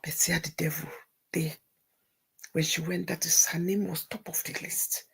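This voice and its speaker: A middle-aged woman, hosting a livestream and telling a personal story, moving between hushed near-whispers and tearful outbursts. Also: low voice, flat delivery, moderate pace, a little hiss or hum. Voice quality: gravelly, very husky voice. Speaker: livestream host.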